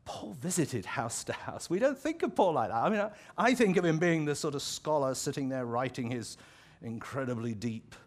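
A man with an English accent, a pastor preaching a sermon in a conversational, reflective way, often restarting his phrases and adding asides. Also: mid-range voice. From England.

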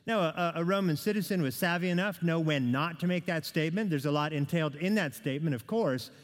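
A man's voice: a little high, fast. A man preaching a sermon, talking his listeners through a Bible passage in a conversational way, with asides, questions and restarts. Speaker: pastor. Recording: long reverb of a church hall.

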